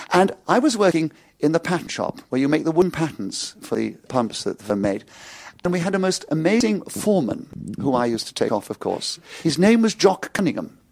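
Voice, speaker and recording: Older man, upper-class English accent, slight stutter, amused raconteur, raised pitch, lively intonation. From England. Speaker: interviewee. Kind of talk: anecdotal storytelling.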